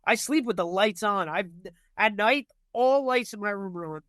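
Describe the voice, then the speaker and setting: A man's voice: sits high, moderate pace, a bit bright, dry recording. A young man telling ghost stories in casual chat, rambling with lots of fillers and restarts. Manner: rambling, filler-heavy storytelling.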